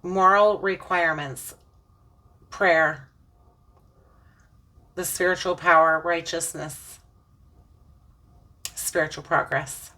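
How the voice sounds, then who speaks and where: A woman with a low yet bright, forceful voice gives an earnest, preachy tarot reading. She sounds a little far from the mic. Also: fairly even intonation, takes it slowly, long pauses. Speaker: tarot reader. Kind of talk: emotional spiritual tarot reading.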